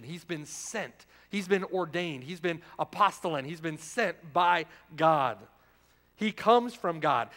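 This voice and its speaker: Male pastor, sermon, pitched a bit high, punchy rhetorical questions, long church reverb. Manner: emphatic, rhetorical questions, swings from loud to hushed. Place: church sanctuary.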